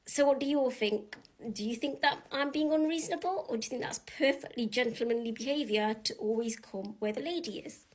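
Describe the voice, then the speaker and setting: A woman tells a story in a casual vlog, indignant and animated as she quotes both sides of a phone call. Her voice sits somewhat high. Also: a little fast.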